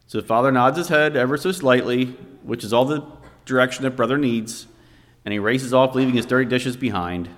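A man's voice: medium pitch, a little fast. A man preaching a sermon, telling a family story to make his point. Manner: storytelling, vividly recounting a scene. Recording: long hall reverb.

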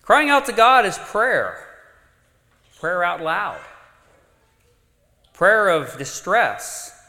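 A man preaching a sermon, telling a story with dramatic rises and sudden quiet drops. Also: sits high, very animated, extremely slow. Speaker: pastor. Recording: long reverb of a large hall.

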